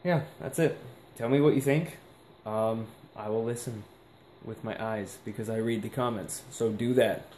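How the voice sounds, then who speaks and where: A man's voice: fairly low pitch, moderate pace, few pauses, a little mellow. A young man vlogging casually, rambling and reflective with lots of fillers. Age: young adult. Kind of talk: casual vlog monologue. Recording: echoey room with faint background hiss.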